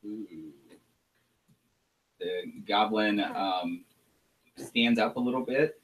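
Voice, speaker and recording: Slow-talking dad narrating a game. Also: male voice, on the low side, low-quality recording. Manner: unhurried, hesitant, lots of fillers and restarts. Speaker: game master. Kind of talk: narrating a tabletop game for his sons.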